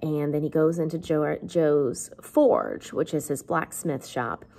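Woman English teacher walking through a novel, chatty and wry, low voice with gravelly fry. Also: slow, dark tone. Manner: chatty, wry, conversational with fillers. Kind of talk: explaining a novel.

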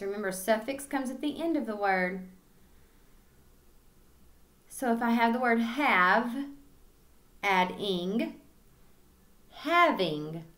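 A woman leads a kindergarten phonics lesson, stretching each word out very slowly and sounding out every syllable with care. Her voice sits at an ordinary middle pitch, patient and deliberate, pausing between repetitions so small children can follow. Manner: slow, drawn-out, clearly enunciated word drills. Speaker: kindergarten teacher.

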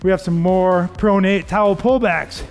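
Leading a workout, a man with a high-pitched voice speaks at normal speed in a steady tone. He's an upbeat, encouraging fitness coach counting reps and cueing form, with faint music in the background.

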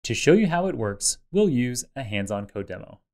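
A man teaching a tutorial, explaining step by step in a measured way over slides and a code demo. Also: medium pitch, very animated, a little mellow. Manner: measured, explanatory, with occasional fillers. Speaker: instructor.

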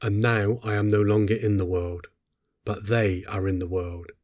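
A man reading scripture aloud in a solemn, measured, unhurried way. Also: lowish voice, flat delivery, darkish tone, no room sound, studio quality. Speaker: scripture reader.

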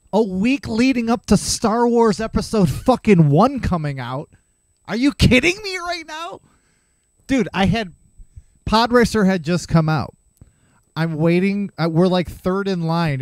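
A man's voice: fairly high pitch, darkish tone, dry recording. A man in his thirties hosting a solo podcast, telling a rambling, heavily profane story from his youth with self-mocking asides. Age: 30s. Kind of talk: casual storytelling monologue.

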